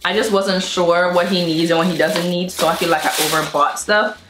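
A woman's voice: on the low side, reverberant, background noise. A young woman chatting casually to her viewers in a home vlog, gushing over each thing she shows. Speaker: vlogger. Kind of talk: casual haul vlog chat.

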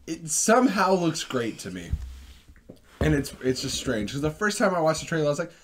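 A man's voice: a little high, very animated, a little fast, slight background noise. A young man co-hosting a casual movie chat, enthusiastic and swearing casually. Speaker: podcast co-host.

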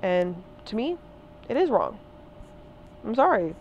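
A woman's voice: medium pitch, big pitch swings, takes it slowly, pauses often, darkish tone, slight background noise, rough recording. A woman in her twenties ranting in a vlog, heated, emphatic and profane, hammering her points with repetition. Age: 20s. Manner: repeats phrases for emphasis. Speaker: vlogger. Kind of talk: ranting monologue.

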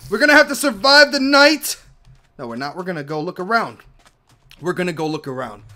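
A young man talks through his game play in a loose, rambling way, bursting into excited shouts. His voice sits high and sounds bright and forward, recorded close on a desk mic. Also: a little fast. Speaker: gaming channel host. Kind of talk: Minecraft let's play commentary.

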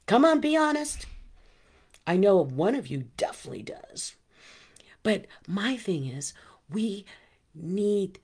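A woman's voice: lowish voice, husky. A middle-aged woman hosting a live online group call, talking casually and animatedly and calling on listeners by name.

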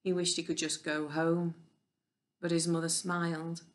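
A woman reading a children's novel aloud in a clear, even storybook narration. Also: on the low side, unhurried. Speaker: audiobook reader.

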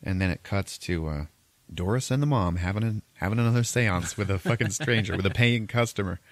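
A man with a very deep voice, recorded close and dry with no room sound. He recaps a film in a loose, profane, rambling way, jumping into characters' lines as he tells it. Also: a little fast, dry recording. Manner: profane, rambling retelling with acted-out quotes. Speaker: podcast host recapping a film. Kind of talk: casual movie recap chat.

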